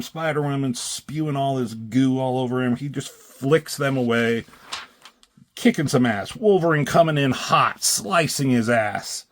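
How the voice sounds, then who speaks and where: A man at an ordinary middle pitch walks through comic panels in a loose, chatty way. He swears casually and fills gaps with ums as he goes. The tone stays offhand and unscripted throughout. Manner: loose, profane, lots of filler ums. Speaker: comic book reviewer.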